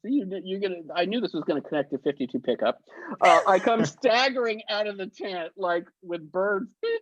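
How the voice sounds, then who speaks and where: A man in his fifties, a guest on an interview, telling stories in a lively way and acting out the people in them. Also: high-pitched, fairly quick, no room sound, highs cut off. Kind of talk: anecdotal storytelling.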